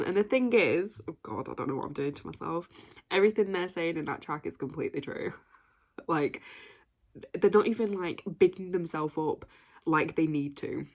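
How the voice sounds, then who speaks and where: Gushing British woman, low husky voice. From Britain. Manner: gushing, exclaiming, laughing between remarks. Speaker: reaction video host. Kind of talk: excitable music reaction chat. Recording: faint music behind.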